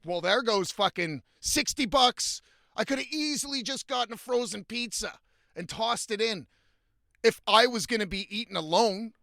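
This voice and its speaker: A man's voice: sits high, a bit bright, dry recording, studio quality. A young man telling a story in a casual, blunt and profane rant, often exasperated. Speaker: vlogger.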